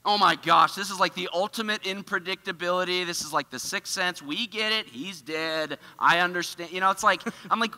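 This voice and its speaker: A man giving a casual, animated storytelling sermon in a church, full of filler words. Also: sits high, normal speed, few pauses, long reverb tail. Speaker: church speaker. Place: church auditorium.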